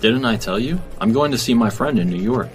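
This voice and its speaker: A man reading a young man chatting with a friend at a club in a scripted textbook dialogue, clear and carefully paced. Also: lowish voice, expressive, brisk, close to an everyday voice. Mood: easygoing chat. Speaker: dialogue actor in a textbook listening recording.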